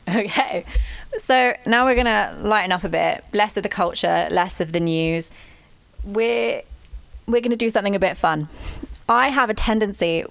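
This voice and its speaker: A woman's voice: medium pitch, measured pace, creaky, pauses often, fairly bright tone, no room sound. A young British woman co-hosting a podcast, chatting casually with a dry, teasing wit. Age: young adult. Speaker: podcast co-host. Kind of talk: casual chat.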